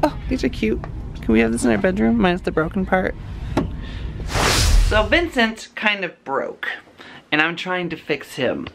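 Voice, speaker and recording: A man's voice: high-pitched, animated, moderate pace, vocal fry, pauses often, a bit bright, faint music behind. A man vlogging in a casual, rambling, chatty way with lots of fillers. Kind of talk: casual vlog chat. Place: home, then a store.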